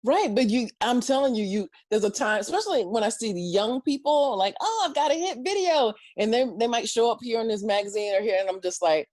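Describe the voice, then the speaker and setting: A woman's voice: mid-range voice, brisk, few pauses, dry recording. A middle-aged woman, an interview guest and comedian, telling stories animatedly, acting out voices and laughing often. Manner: lively, acts out voices and quotes, laughs often. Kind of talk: animated storytelling chat.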